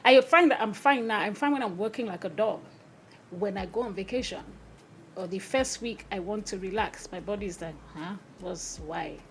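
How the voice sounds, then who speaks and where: A woman speaking candidly as a podcast guest, expressive and quick to laugh, her voice swinging from soft to loud. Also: mid-range voice, a little hiss or hum. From Nigeria. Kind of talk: candid conversational interview.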